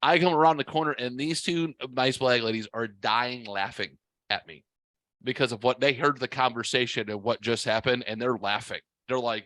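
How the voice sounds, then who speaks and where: Forties guy, podcast host, loud and profane storyteller, bright edge, dry close mic. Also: medium pitch, moderate pace, dry recording. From half white, half Mexican heritage. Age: 40s. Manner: profane, blunt, animated storytelling. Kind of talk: casual storytelling.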